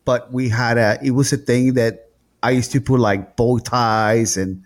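A man's voice: medium pitch, fairly even intonation, a little slow. A man co-hosting a casual podcast, joking around and laughing often. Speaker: podcast co-host. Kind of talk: casual chat.

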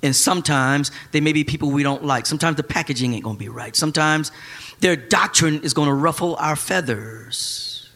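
A man preaching a Sunday sermon, animated and joking, breaking into shouts at the high points. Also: moderate pace. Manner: casual churchy speech with slang. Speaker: pastor.

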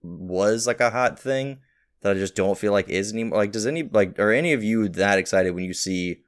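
A man co-hosting a casual podcast chat, rambling with many fillers and getting animated when he jokes. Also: fairly low pitch, a little fast. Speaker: podcast co-host.

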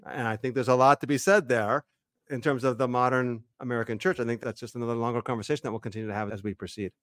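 A man's voice: medium pitch, fairly even intonation, quick pace, a bit bright, no echo, clean studio sound. A man co-hosting a casual scholarly Bible discussion, walking through the Greek text step by step and often restarting his sentences. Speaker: co-host, Bible teacher.

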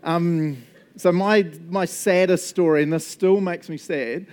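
Man, New Zealand accent, pastor, joking, animated, church sermon. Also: sits high, measured pace, smooth. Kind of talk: lively sermon. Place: church hall. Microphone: handheld microphone.

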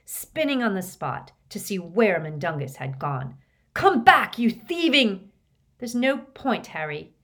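A woman reading an audiobook aloud with a lively delivery. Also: fairly low pitch. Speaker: audiobook narrator.

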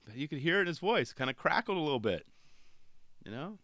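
A middle-aged man hosting a podcast, talking casually in a rambling, relaxed way with many restarts. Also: fairly high pitch, fast talker, no echo, clean studio sound. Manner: rambling, relaxed, self-interrupting. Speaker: podcast host. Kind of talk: casual solo podcast talk.

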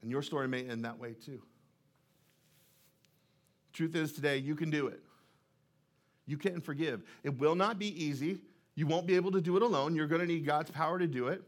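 A man's voice: fairly high pitch, normal speed, pauses often. A male pastor preaching a sermon in a church, in a conversational way, often putting questions to the congregation.

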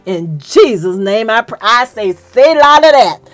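High-pitched woman preacher, emotional and fervent, folksy delivery, soft music under her. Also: measured pace. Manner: fervent, emotional, rising to excited peaks. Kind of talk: sermon.

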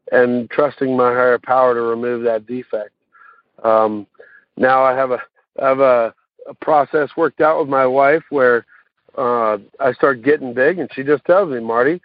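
Over a tinny phone line, a man with a mid-range voice gives a personal recovery share as a meeting speaker. He speaks haltingly, with many fillers and restarts, and there's no room sound.

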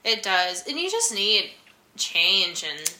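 A woman's voice: mid-range voice, very animated, takes it slowly, bright, forceful tone, slight background noise. A woman in her thirties co-hosting a podcast, chatty and swearing casually. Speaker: podcast co-host.

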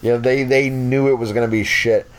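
A man's voice: mid-range voice, fairly even intonation, brisk, clear, resonant tone. A man in his fifties, a podcast guest telling casual stories in a blunt, profane, rambling way. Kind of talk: casual storytelling.

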